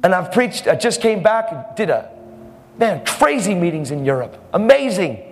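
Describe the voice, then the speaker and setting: A man's voice: sits high, big pitch swings, normal speed. A man preaching a sermon boldly and emphatically, with laughing asides. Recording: hall reverb with faint music.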